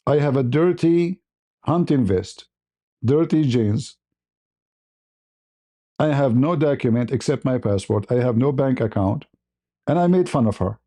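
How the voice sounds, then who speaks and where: A man's voice: mid-range voice, lively intonation, a little slow, long pauses, warm tone. A man who is not a native English speaker, hosting a live stream and telling casual stories with frequent laughter. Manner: laughs often while telling anecdotes. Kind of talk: casual storytelling.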